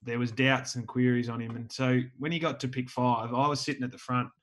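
An Australian man in his thirties, a former footballer, telling rambling stories in a relaxed chat. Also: mid-range voice, a little fast. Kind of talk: casual storytelling chat.

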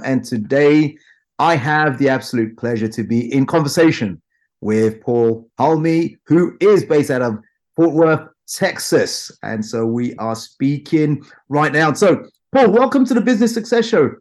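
A man who is a business coach, hosting a podcast interview with a formal, drawn-out welcome. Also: fairly high pitch, expressive, a little mellow. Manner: formal welcoming intro with stretched emphasis.

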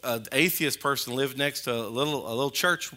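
Pastor, male, animated sermon delivery, ringing bright tone, mid-pitched. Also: a little fast. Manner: animated, jumps in pitch and loudness, colloquial asides. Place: church sanctuary.

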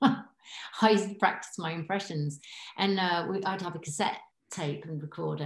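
A woman's voice: on the low side, creaky, echoey room. A woman, an impressionist and actress, chatting as a guest and laughing often. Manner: chatty, giggly, slips into impressions. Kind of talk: casual chat, podcast guest.

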